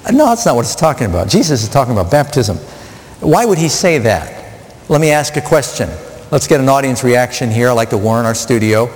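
A man's voice: medium pitch, very animated, fairly quick, a little mellow, in a large hall. A male pastor preaching a sermon to a studio audience, asking rhetorical questions and stressing his points.

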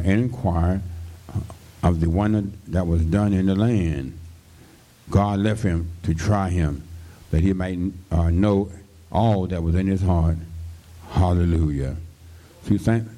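Low, dark-voiced preacher man. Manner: fervent, punctuated with constant hallelujahs and thank-you-Jesus. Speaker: pastor. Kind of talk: radio sermon.

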